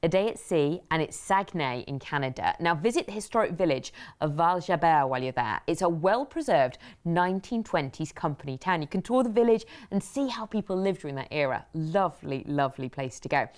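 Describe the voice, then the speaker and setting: A woman presenting cruise deals on TV, bubbly and excitable, often laughing as she talks. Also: low voice, a little fast, hardly any pauses. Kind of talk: enthusiastic sales chat.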